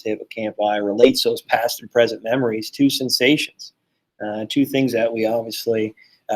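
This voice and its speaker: A man teaching a psychology lesson in a casual, chatty way, full of fillers and joking asides. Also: mid-range voice. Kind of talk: casual classroom lecture.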